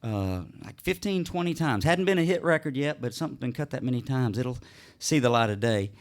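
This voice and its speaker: A man's voice: medium pitch, lively intonation, brisk. A man from Houston, a singer-songwriter easily telling stories between songs at a live gig, with plenty of fillers and restarts. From Houston, Texas. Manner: easygoing storyteller with many fillers and restarts. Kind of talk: stage banter between songs. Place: live music venue.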